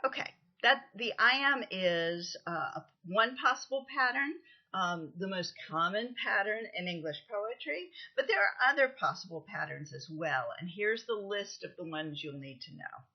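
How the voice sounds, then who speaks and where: A woman lecturer giving a recorded lesson, explaining things patiently, counting out stresses and often pausing with "um". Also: medium pitch, animated, breathy edge, dull audio. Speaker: literature lecturer.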